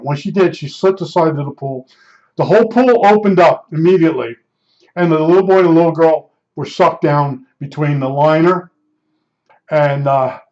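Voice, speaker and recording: A man in his seventies tells family stories in a loose, digressive way, drifting into one aside after another. His voice sits a little high for a man. The recording sounds dull and lo-fi. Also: darkish tone. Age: 70s. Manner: rambling, digressive, many asides. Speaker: vlogger. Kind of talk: casual personal storytelling.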